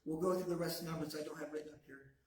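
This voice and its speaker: A man leading a language class, saying words slowly and patiently for his students to repeat. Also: on the high side, steady tone, darkish tone. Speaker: language teacher. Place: classroom, also streamed to a video call. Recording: very echoey room.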